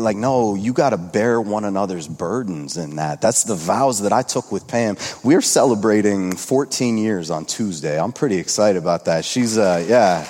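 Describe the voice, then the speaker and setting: Earnest lower-voiced male pastor in a hall. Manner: earnest, shifting between hushed and excited. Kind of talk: conversational sermon.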